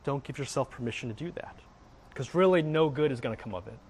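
A man's voice: medium pitch, fast, breathy edge. A middle-aged man teaching earnestly on faith, often repeating words as he speaks. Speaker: Christian teacher.

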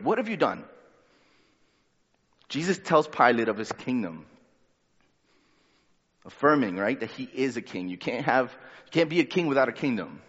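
A man's voice: medium pitch, big pitch swings, normal speed, long pauses, a bit bright, breathy edge. A man preaching a sermon as pastor, reading scripture and then retelling it in casual, conversational words. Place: church sanctuary. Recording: dull sound with long hall reverb.

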